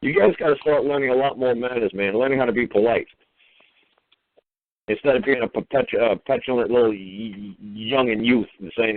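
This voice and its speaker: A man's voice: medium pitch, a little fast, no room sound. A man hosting a call-in radio show, ranting in an exasperated, profane way. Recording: tinny phone-line radio audio.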